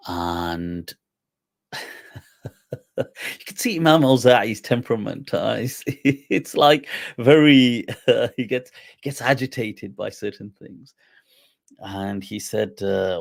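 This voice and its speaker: A man hosting a show as an Islamic scholar, telling a story in an animated way with frequent laughter and asides. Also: fairly low pitch, takes it slowly, gravelly, long pauses.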